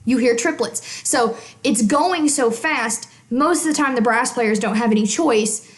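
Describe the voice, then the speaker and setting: A woman's voice: fairly high pitch, unhurried, echoey room. A woman music teacher explaining in a casual, chatty way, often checking in with the listener. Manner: chatty, checks in with frequent "okay?". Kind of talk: casual instruction.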